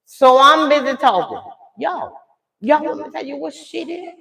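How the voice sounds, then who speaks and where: An older woman telling a dramatic story to her viewers in a chatty, animated way. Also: high voice, moderate pace, creaky, roomy sound. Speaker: live streamer telling a story.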